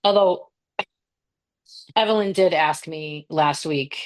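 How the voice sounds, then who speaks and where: A woman's voice: on the low side, moderate pace. A woman in her forties co-hosting a podcast in casual chat, laughing often and speaking bluntly with plenty of swearing. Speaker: podcast co-host.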